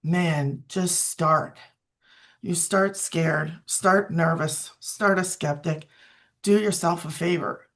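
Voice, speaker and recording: Over a video call, a mother in her forties shares a personal testimonial, telling it animatedly with emphatic repeats. Her voice is deep and she takes her time.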